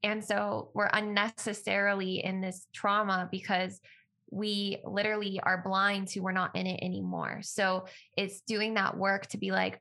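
A woman's voice: medium pitch, flat delivery, normal speed, gravelly, pushed and bright. A woman co-hosting a casual talk, speaking openly and heartfelt about personal healing. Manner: open, heartfelt, uses many "like" fillers.

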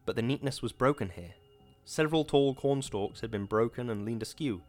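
A man narrating an audiobook in a measured, dramatic reading. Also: mid-range voice. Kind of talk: scripted narration.

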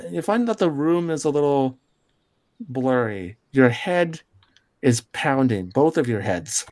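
A man narrating a tabletop game as game master, describing scenes with drawn-out pauses. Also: on the high side.

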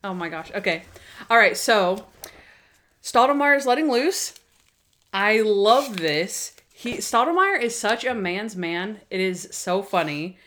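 A woman's voice: mid-range voice, animated, measured pace, a bit bright. Bubbly, chatty woman recapping a TV episode. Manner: bubbly, chatty, acts out scenes with big voices. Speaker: podcast co-host. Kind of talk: casual episode recap chat.

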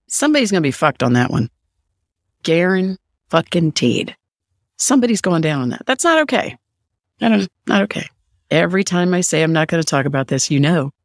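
A man's voice: a little high, gravelly, no echo, studio quality. A middle-aged man hosting a podcast, ranting solo in a sarcastic, profane way. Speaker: podcast host. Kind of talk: solo opinion rant.

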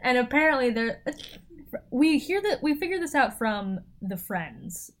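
Woman cohost recapping a show, laughs a lot, does goofy voices, a bit high. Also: a little slow. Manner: animated, laughing, acts out quotes in exaggerated voices. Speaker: podcast co-host. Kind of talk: casual chat recapping a TV show.

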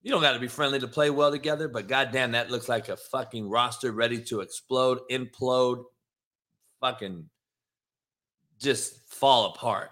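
Sports show host guy going off, cussing a lot, mocking people, bright voice. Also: medium pitch, fairly even intonation, normal speed. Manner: profane, combative, mocking, swings from loud to hushed. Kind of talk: sports opinion rant.

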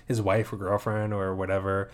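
A man co-hosting a casual movie review podcast, retelling scenes in an animated way and acting out quotes. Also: low voice, moderate pace. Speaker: podcast co-host.

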